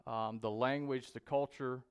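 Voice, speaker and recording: Slow, deliberate male preacher. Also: mid-range voice, steady tone, clean tone. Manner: slow and deliberate with frequent pauses and fillers. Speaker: pastor. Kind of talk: sermon. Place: church sanctuary.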